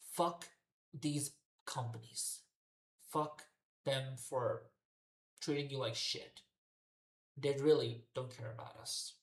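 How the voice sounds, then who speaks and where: A man's voice: medium pitch, fairly even intonation, unhurried, pauses often. Guy ranting about wrestling, swearing nonstop, fed up, sounds like a roomy echoey space. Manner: profane, exasperated ranting with frequent swearing. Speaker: wrestling podcast host. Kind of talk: unscripted ranting commentary.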